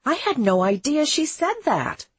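A woman's voice: sits high, very animated, measured pace, no echo, pitched above the performer's own voice. A woman narrator voicing a cheerful, tender-hearted young woman who speaks in an earnest, gushing way.

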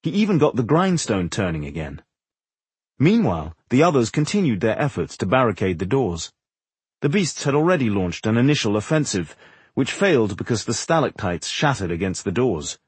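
Guy reading a fantasy audiobook, husky, lots of pitch movement, super dry sound. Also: very animated, moderate pace, no echo. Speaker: audiobook narrator. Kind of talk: scripted narration.

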